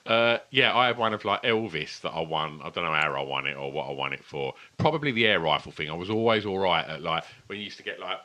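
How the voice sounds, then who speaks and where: Deep-voiced sweary man telling stories. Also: lively intonation, fast, few pauses, pushed and bright. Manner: rambling, sweary, chatty storytelling. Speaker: podcast co-host. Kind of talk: casual chat over beers.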